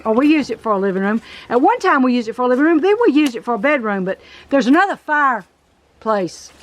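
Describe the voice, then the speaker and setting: A woman's voice: a little high, animated, quick pace. A middle-aged woman with a Southern US accent, chatting folksy and emotional as she walks through an old house for her vlog. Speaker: vlog host. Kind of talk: casual vlog walkthrough. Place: outdoors at an abandoned house.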